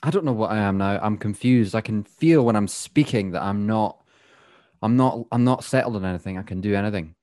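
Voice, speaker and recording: A man co-hosts a casual podcast, wry and prone to trailing off into a low mutter. His voice sits fairly low, and the recording is dry and close. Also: brisk, a little mellow, no echo. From Perth, Scotland. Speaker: podcast co-host. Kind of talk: casual chat.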